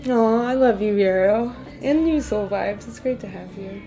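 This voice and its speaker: A young woman talks openly on a live stream, confiding and heartfelt, her voice sitting at an ordinary middle pitch. Soft music plays faintly behind her. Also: moderate pace. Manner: candid, emotional, confiding. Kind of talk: casual livestream chat.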